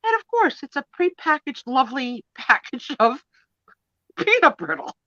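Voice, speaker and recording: Lively bright-voiced Jersey woman. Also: sits high, moderate pace, dry recording, dull audio. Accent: New Jersey. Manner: animated, self-mocking, swears lightly. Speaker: co-host of a live sale stream. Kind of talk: casual storytelling chat.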